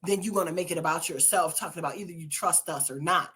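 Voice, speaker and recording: A woman hosting a show, reading online posts aloud and reacting with animated, sassy commentary. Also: on the low side, fast, slightly rough. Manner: animated, sassy commentary with sudden loud outbursts. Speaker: host.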